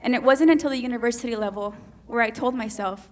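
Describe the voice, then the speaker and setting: Woman from Mexico, keynote speaker, slightly high voice, measured and lyrical poetic delivery. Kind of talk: poetic spoken presentation. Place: conference hall.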